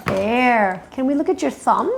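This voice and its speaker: This groomer's voice is a little high and gravelly, expressive, at a measured pace, with slight background noise behind it. Working at an indoor grooming table, she talks viewers through the groom, coaxing and firmly correcting the dog, with chatty asides.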